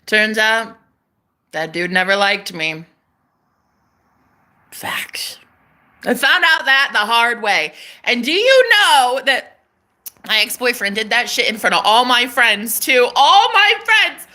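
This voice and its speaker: A woman chatting on a casual livestream as a psychic reader, animated, swearing freely and laughing often. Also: fairly high pitch, slow, pauses often.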